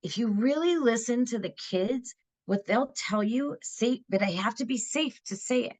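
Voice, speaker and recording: Running a webinar on parenting, this middle-aged woman speaks at a moderate pace in a somewhat high, animated voice with a darkish color. She stays sincere and chatty, often tossing in "right?" to check in.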